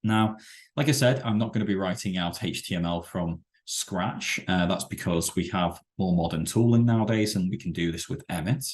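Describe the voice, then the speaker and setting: A man teaching a web development lesson over a screen-share, explaining with halting, self-correcting sentences and many fillers. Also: sits low. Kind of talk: screen-share coding tutorial.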